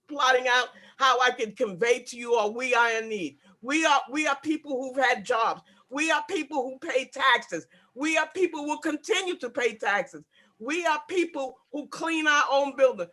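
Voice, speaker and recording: A woman's voice: high voice, a bit bright. A woman in her sixties making an emotional public comment on a video call, upset and pleading, repeating herself. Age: 60s. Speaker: public housing resident speaking at a community board meeting.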